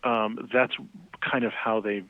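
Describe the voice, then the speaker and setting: A man, a music writer and guest, telling anecdotes over the phone in a rambling, animated way, full of fillers. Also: on the low side, slow, no room sound. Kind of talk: casual phone conversation. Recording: tinny phone line.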